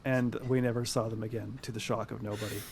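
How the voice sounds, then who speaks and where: A man co-hosting a podcast, telling a self-deprecating anecdote in animated casual chat. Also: on the low side, fast, very noisy. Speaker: podcast co-host.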